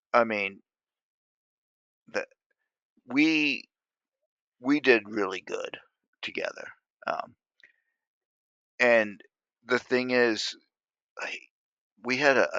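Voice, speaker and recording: A man in his fifties, an Army veteran guest, telling war stories in a casual, animated and profane way. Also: lowish voice, gravelly, no room sound. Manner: animated, profane, laughs often. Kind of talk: casual storytelling in an interview. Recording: dry, dull lo-fi sound.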